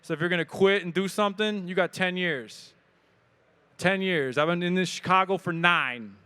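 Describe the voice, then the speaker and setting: A man, answering questions from an audience at a live expo talk in a casual, joking, energetic way. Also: high-pitched, normal speed, clear, resonant tone. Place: event hall with audience.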